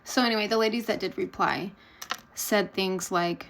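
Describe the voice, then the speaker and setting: A woman's voice: medium pitch, steady tone, normal speed, fairly bright tone, rough recording. A woman vlogger chatting candidly and bluntly as she tells a personal story, laughing now and then. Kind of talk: casual storytelling to camera.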